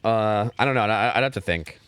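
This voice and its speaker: A man casting game scrims on a live stream in a casual, chatty way, often repeating words in quick bursts. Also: lowish voice, fairly bright tone, clear, resonant tone, dry recording.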